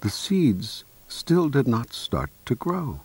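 A man reads a children's story aloud, taking his time and letting his pitch rise and fall widely. His voice is a little husky and on the low side, and the recording is dry and close. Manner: slow, clear, expressive reading aloud.

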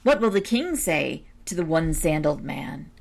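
A woman voicing excited, gossiping townsfolk in a storybook, calling out in a raised voice. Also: sits low, moderate pace, creaky, heavily acted. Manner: excited exclaiming.

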